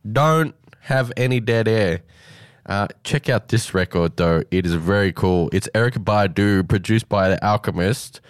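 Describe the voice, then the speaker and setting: A man's voice: fairly low pitch, moderate pace, smooth, no room sound, studio quality. A man hosting casual community radio, rambling and teasing his co-host. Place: radio studio.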